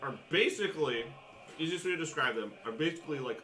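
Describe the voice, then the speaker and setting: A man's voice: on the high side, animated, fast talker. A man acting as game master, describing a scene casually and laughing often. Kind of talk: narrating a tabletop game.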